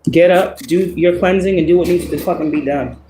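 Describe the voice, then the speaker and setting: A man's voice: a little high, fairly quick, warm tone, reverberant, slight background noise. A man giving a casual tarot reading, emphatic and profane, often laughing as he talks. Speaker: tarot reader.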